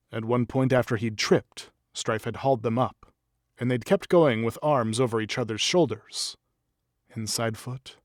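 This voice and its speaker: A man's voice: mid-range voice, dry recording, clean studio sound. A man steadily reading a fantasy story aloud as narrator. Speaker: audiobook narrator.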